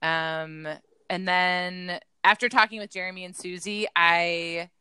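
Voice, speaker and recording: A woman co-hosting a casual fitness podcast, her voice bright and forceful with a smooth, crisp tone. She tells her story earnestly, slipping into quoted lines of her past self. The sound is dry and close, with no room around it. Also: lowish voice, fairly even intonation, measured pace, dry recording. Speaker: podcast co-host, fitness coach.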